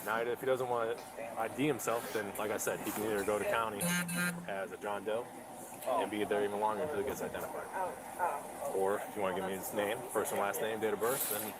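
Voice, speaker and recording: Calm low-voiced police officer, fast talk. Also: male voice, loud music behind the voice, low-quality recording. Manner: calm, procedural, explaining options. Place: outdoors at a traffic stop.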